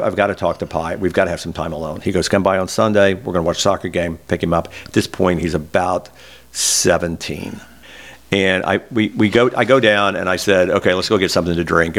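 Older man, very low voice, emotional candid storytelling. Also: a bit bright. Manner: emotional, candid, close to tears. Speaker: guest. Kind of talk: personal storytelling in an interview.

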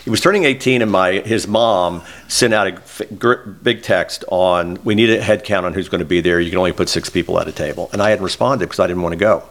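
Older man, very low voice, emotional candid storytelling. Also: fairly quick, hardly any pauses. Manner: emotional, candid, close to tears. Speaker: guest. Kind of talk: personal storytelling in an interview.

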